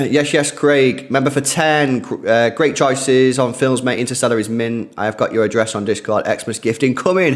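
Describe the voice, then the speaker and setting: A man's voice: medium pitch, normal speed, few pauses. Chatty young man on live stream. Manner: chatty, slangy, greets donors by name. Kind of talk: casual live-stream chat reading donations.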